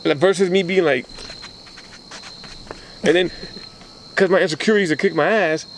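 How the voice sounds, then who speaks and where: A man's voice: high voice, moderate pace, a little hiss or hum, rough recording. A man co-hosting a relationship podcast in casual chat, telling stories and acting out other people's voices. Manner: animated storyteller acting out quoted voices. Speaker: podcast co-host.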